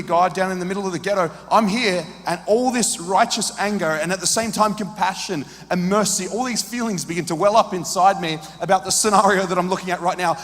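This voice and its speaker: A man preaching a sermon as a story, moving between hushed, quiet passages and loud, urgent peaks. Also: sits high. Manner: drops to hushed quiet in tender moments. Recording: long reverb of a large hall.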